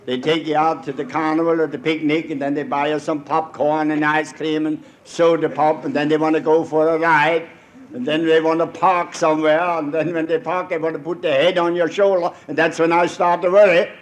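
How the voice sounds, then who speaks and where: A man's voice: a little high, little pitch movement, fairly quick, natural voice. A man with a Pennsylvania Dutch accent voicing a fussy small-town mother who warns her daughter in one long run-on list. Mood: warning. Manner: cautionary listing run-on.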